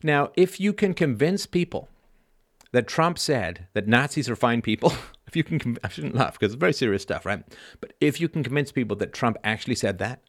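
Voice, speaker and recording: A man in his fifties hosts a live show in a conversational, rhetorical manner. He turns sarcastic and builds from quiet asides to loud, emphatic bursts. His pitch sits in a middle range. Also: animated, brisk. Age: 50s. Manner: rhetorical, keeps asking "right?". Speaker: show host.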